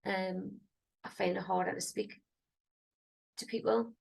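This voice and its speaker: A woman's voice: mid-range voice, steady tone, unhurried, creaky, darkish tone, low-quality recording. A woman, rambling and thinking aloud in a casual vlog. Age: 30s. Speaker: singer vlogging.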